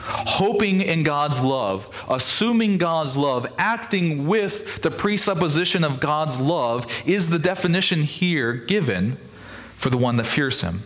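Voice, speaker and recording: In an unhurried, fairly high-pitched voice, this pastor walks his listeners through scripture during a sermon, animatedly acting out the lines he quotes.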